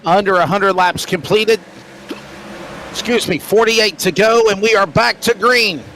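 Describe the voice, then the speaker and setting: A man doing play-by-play commentary on a sim race, with quick, excitable calls. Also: high-pitched, slight background noise.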